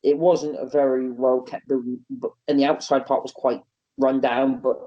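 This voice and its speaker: Animated man telling stories on a podcast. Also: mid-range voice, normal speed. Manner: animated storyteller, acts out quotes in a raised voice. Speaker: wrestling promoter and guest. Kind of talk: casual interview storytelling. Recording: dull lo-fi podcast audio.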